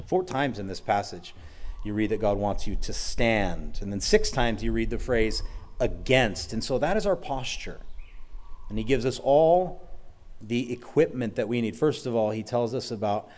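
A man preaching a sermon, emphatic, moving between loud declarations and quiet asides, with flashes of sarcasm. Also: fairly low pitch, expressive, normal speed. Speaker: pastor.

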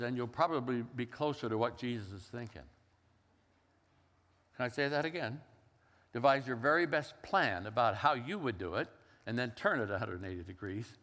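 A man's voice: mid-range voice, a bit bright. An older man preaching a sermon as a pastor, telling stories in a conversational way and acting out the quoted lines. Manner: storytelling, conversational with acted-out quotes. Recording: long hall reverb.

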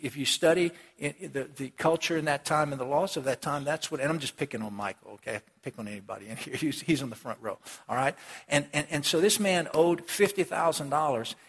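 A man's voice: a little high, breathy edge. A man preaching a sermon, talking straight to the congregation and acting out the characters of a story. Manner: animated, acts out characters, addresses congregation directly. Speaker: pastor. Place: church. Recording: long hall reverb.

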